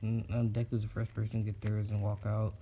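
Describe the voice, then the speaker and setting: A man's voice: lowish voice, completely flat delivery, brisk, dark tone, highs cut off, slight background noise. A thirteen-year-old boy retelling a fan story casually, rambling with lots of ums and restarts.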